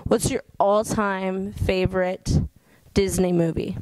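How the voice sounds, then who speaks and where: A woman's voice: mid-range voice, fairly even intonation, slow, darkish tone, low-quality recording. A young adult woman interviewing a small child in a teasing, patient way, laughing often. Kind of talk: playful casual chat with a child.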